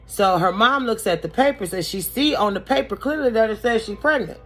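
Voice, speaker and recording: A woman's voice: fairly high pitch, animated, a little fast, few pauses. A woman beauty vlogger telling a story in a casual, chatty, sassy and colloquial way while she does her makeup.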